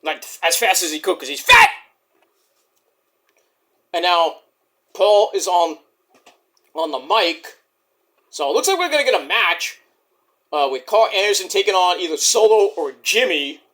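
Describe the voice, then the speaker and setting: A young man with a fairly high, bright voice talks casually and profanely. His pitch swings widely as he rambles and riffs on what he is watching. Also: expressive, moderate pace, long pauses. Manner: loose and profane, does voices of wrestlers. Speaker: wrestling predictions vlogger. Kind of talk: casual chat.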